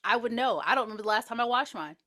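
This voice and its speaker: Blunt, bright-voiced woman podcaster. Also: fairly high pitch, expressive, very fast. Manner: blunt, swearing, critical asides. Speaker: podcast co-host. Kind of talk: casual movie review chat.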